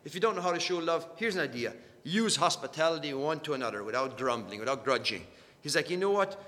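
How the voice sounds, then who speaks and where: A man preaching with a bright, forceful voice that rings through a church hall with a long echo. He talks in an earnest, halting way, stumbling over repeated words before pressing on. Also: a little high, lively intonation. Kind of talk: sermon.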